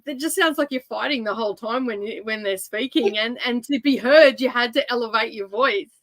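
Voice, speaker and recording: A woman co-hosting a casual chat, talking loudly and offering explanations between agreeing murmurs. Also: fairly high pitch, fairly quick, no echo. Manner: warm agreeing listener, loud, gives explanations. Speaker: co-host.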